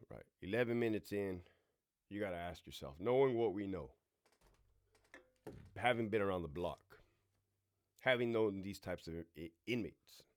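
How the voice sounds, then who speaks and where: A man in his forties, a former prison officer, hosting a casual, profane storytime monologue with sound effects and asides to himself. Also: mid-range voice. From California.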